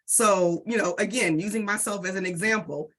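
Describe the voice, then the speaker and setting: A middle-aged woman from the DC area, speaking on a panel and telling lively stories that act out the exchanges she describes. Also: medium pitch, normal speed. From Southeast DC and Prince George's County, Maryland. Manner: animated storytelling, acts out quoted exchanges. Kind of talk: panel discussion.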